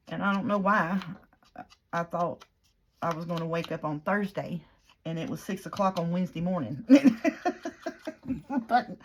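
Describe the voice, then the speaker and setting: A woman's voice: fairly low pitch, slight background noise. A middle-aged woman telling a long, rambling story in casual chat while crafting, with lots of fillers. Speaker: craft vlogger.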